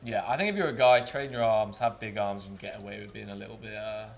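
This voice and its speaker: A man's voice: on the low side, quick pace, creaky. A man hosting a casual sit-down chat, frank and jokey, swearing freely. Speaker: podcast host.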